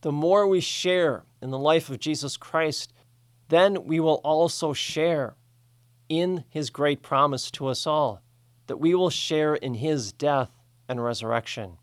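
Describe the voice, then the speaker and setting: A man preaching a sermon in a slow, measured, deliberate way. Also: on the high side, no echo, studio quality.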